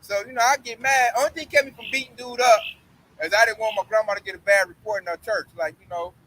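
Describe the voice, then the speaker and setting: A young man preaching outdoors, telling a blunt, profane, animated testimony story. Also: sits high, fast talker, husky, rough recording.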